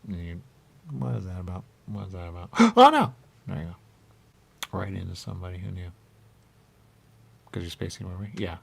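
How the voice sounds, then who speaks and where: A man's voice: sits low, steady tone, a little fast, creaky, pauses often, darkish tone, breathy edge. A man hosting a radio show, rambling comically and repeating himself, often breaking into silly voices.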